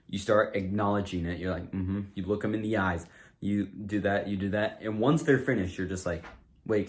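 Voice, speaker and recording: A man's voice: deep voice, a little mellow. A man giving casual advice to a camera in a rambling, filler-heavy way, full of "like" and restarts. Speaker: comedy video creator.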